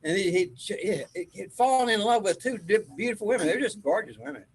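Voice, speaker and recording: A man's voice: high-pitched, expressive, a little fast, slight background noise, rough recording. An older man, a spiritual teacher, telling a rambling story in casual group chat, laughing often.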